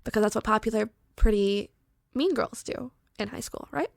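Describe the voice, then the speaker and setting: Young podcast host lady, gravelly voice, rambling chatty storytelling, dry close sound. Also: fairly high pitch, moderate pace, no room sound. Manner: chatty and animated, lots of "like" fillers. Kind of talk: casual storytelling pitch.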